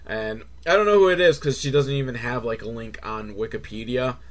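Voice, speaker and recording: A man recapping a movie as comedy, sarcastic and swearing, switching from flat muttering to shrill mock excitement. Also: fairly quick. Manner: sarcastic, swears, mocking kid-show cheer. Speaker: movie reviewer.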